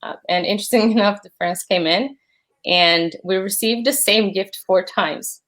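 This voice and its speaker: A woman's voice: medium pitch, moderate pace, fairly bright tone. A woman in her thirties, a guest in an interview, speaking earnestly and gratefully with many fillers. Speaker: guest, platform founder. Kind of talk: conversational interview.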